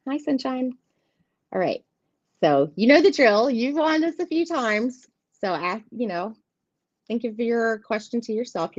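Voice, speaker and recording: A woman's voice: medium pitch, darkish tone, dry recording. A woman, hosting a casual live tarot stream, chatty and giggly, rambling and greeting viewers by name. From southeastern United States. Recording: dull lo-fi stream audio, dry.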